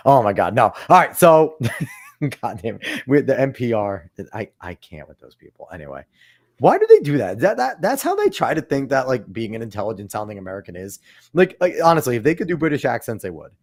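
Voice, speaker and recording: A man's voice: mid-range voice, a little fast, no echo, studio quality. A man co-hosting a podcast, chatting casually and profanely about politics. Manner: animated, profane, swinging loud and soft. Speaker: podcast co-host.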